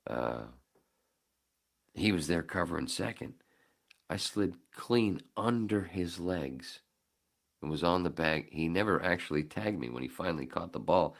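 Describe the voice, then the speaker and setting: A man hosting a podcast, telling a story casually with lots of swearing and acting out his own shouting. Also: rumbling low, vocal fry. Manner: profane, animated, acts out his own shouting. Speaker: podcast host.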